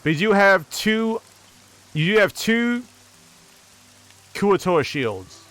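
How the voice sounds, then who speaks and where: Clear-voiced man narrating as game master. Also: sits high, animated, slow pace, fairly bright tone.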